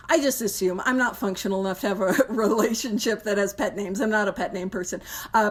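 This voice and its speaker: A woman's voice: mid-range voice, fast. A woman hosting a recovery book study, talking in a chatty, self-mocking way and laughing often. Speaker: podcast host leading a recovery book study. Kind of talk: casual recovery talk.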